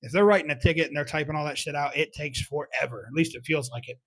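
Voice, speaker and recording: A man's voice: fairly high pitch, fast talker, husky, dry recording. Candid young man telling a confession. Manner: candid, frequent swearing, self-reflective. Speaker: podcast host. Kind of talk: confessional solo storytelling.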